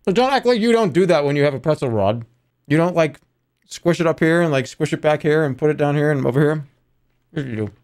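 A man in his thirties streaming games live, talking to his chat in an excitable, exasperated way, swearing and breaking into high-pitched outbursts. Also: fairly quick. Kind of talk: live game stream commentary.

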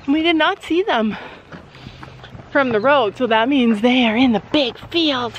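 A woman's voice: high voice, unhurried, rough recording. A woman chatting upbeat to camera in a casual vlog while walking outdoors on a farm, laughing often. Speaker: vlogger, mother. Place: outdoors on a farm, walking through woods and fields.

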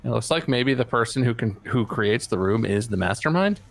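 A man's voice: mid-range voice, lively intonation, brisk. A man co-hosting a casual gaming podcast, teasing friends in a dry way while fiddling with game menus. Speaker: podcast co-host.

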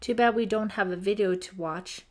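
A woman's voice: medium pitch, moderate pace, lightly acted. A woman voicing a friendly, joking teenage boy camp counselor with an easygoing, teasing manner.

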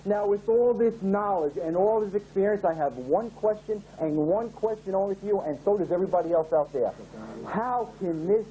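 A man voicing a loud, brash male wrestling-magazine ranter with a New York accent, hammering away with accusations. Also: high voice, moderate pace, hardly any pauses, a little hiss or hum, lightly acted, poor audio. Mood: accusing. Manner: ranting, confrontational.

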